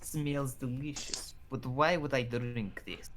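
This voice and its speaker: A man's voice: medium pitch, slow pace, background noise, natural voice. A man voicing a scheming, suspicious Russian man with a put-on Russian accent, in improvised comedic role-play on a stream.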